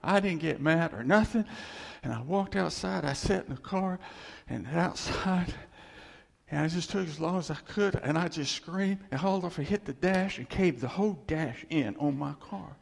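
A middle-aged man giving a personal testimony to a congregation, telling the story with lively animation and frequent chuckles. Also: on the high side, normal speed, gravelly. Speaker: church speaker sharing testimony. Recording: long reverb of a large hall.

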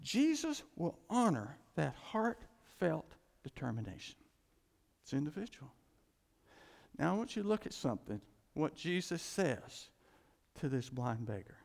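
A man preaching a sermon as pastor, animated, swinging from loud cries to quiet asides. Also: fairly high pitch, a little slow, gravelly. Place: church. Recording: long hall reverb.

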